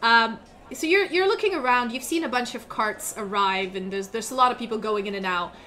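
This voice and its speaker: Woman, game master, tabletop game narration, high bright voice, chatty. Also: a little fast. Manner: chatty, laughing, many fillers.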